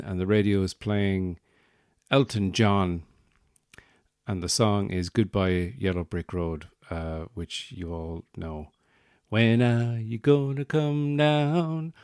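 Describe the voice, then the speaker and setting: Irish male podcast host, low voice, dry close sound, digressive comic storyteller. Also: clean tone, no echo. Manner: rambling, digressive, wry.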